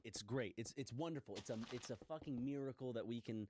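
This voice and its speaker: A man's voice: medium pitch, quick pace, noisy background. Young man joking on a podcast. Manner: joking, teasing, laughs often. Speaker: podcast co-host. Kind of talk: casual podcast chat.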